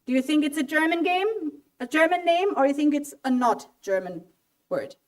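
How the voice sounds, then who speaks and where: High-voiced woman quizzing a hall audience. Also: normal speed. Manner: lively, coaxing, quizzes the audience. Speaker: German language speaker at a college event. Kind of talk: interactive audience quiz talk. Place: auditorium mini hall. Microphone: handheld mic.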